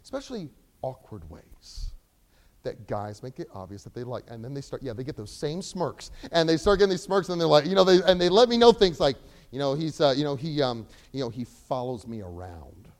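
A young man preaching a sermon, animated, swinging between loud emphasis and quiet asides. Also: mid-range voice, brisk. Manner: acts out voices of characters in the sermon.

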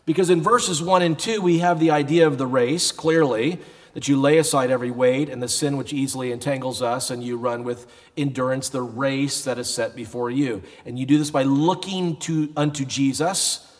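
A man's voice: mid-range voice, moderate pace. Man preaching in a reverberant hall. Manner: animated storytelling, rising to shouts. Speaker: pastor. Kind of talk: sermon.

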